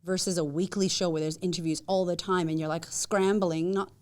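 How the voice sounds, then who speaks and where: A woman with a somewhat low speaking voice chats as a podcast guest. She tells her stories with lively energy and voices the quotes of other people in a much higher pitch. She laughs easily and drops the odd swear word. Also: a little fast. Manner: animated storyteller who acts out quotes with big jumps up in pitch; swears casually and laughs often. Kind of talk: casual podcast conversation.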